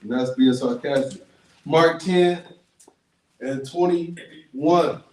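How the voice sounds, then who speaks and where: Loud high-voiced preacher man, echoey. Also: extremely slow. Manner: loud, emphatic, repeats and paraphrases verses, slangy. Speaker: street preacher teaching scripture. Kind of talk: street sermon with call and response. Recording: echoey, recorded from a distance.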